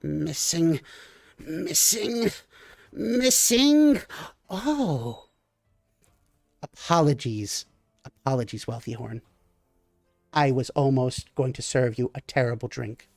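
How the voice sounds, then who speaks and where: A man's voice: a little high, big pitch swings, takes it slowly, no echo, studio quality, faint music behind, heavily acted. A man voicing a greedy, fawning male kobold barkeep who talks in broken grammar.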